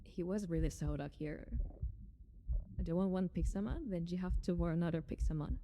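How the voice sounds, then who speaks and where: A woman's voice: fairly low pitch, a little fast, warm tone, slight background noise. A young woman live-streaming, chatting casually with her viewers, greeting them and giggling often.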